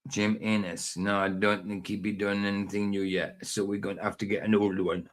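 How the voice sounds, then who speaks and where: A man's voice: on the low side, little pitch movement, moderate pace. A man hosting a live stream, chatting casually and playfully, rambling and laughing often. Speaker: livestream host.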